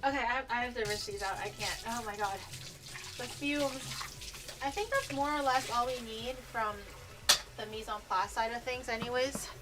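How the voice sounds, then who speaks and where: A woman VTuber chatting casually while cooking on a livestream, animated and quick to laugh, swearing casually and poking fun at herself. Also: on the high side, heavy background noise. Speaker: VTuber streamer.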